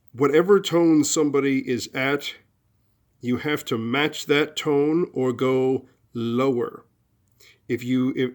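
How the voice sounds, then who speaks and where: A man talking through a psychological idea and telling a story about a friend, conversational, with fillers and restarts. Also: medium pitch. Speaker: video host. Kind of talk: casual explanatory talk.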